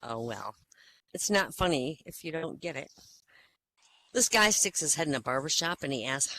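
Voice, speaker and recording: A man's voice: fairly high pitch, lively intonation, moderate pace, bright, forceful tone, slight background noise, rough recording. A man telling a string of jokes, acting out each character as he goes. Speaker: joke teller. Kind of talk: stand-up joke telling.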